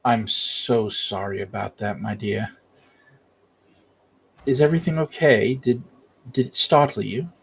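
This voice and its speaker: A man's voice: on the low side, unhurried, vocal fry, pauses often, a little hiss or hum. Man doing a courteous, formal noble host. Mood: apologetic. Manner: gently reproachful, formal.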